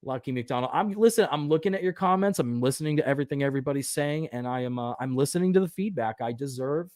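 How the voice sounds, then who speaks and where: A man's voice: medium pitch, fast, a little mellow, no room sound, studio quality. A man hosting his own livestream aftershow, chatting casually, swearing often and poking fun at himself while reading viewer comments. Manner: profane, self-deprecating, rambling; reads viewer comments aloud. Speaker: livestream host. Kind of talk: casual solo livestream chat.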